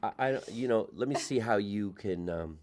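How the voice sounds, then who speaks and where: A man's voice: on the low side, animated, normal speed, darkish tone. A man with a New Jersey accent hosting a comedy podcast, telling stories in a casual chat. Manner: chatty storyteller, laughs often.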